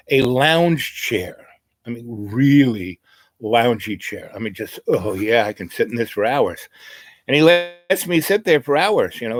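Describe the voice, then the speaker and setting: A man's voice: medium pitch, dry recording. A man telling a meandering personal story in a casual vlog, full of "you know" asides. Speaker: spiritual vlogger.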